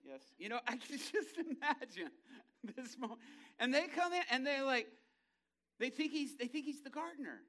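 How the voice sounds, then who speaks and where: A male pastor preaching a lively sermon, acting out scenes in voices and ending in a hushed prayer. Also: very high-pitched, normal speed.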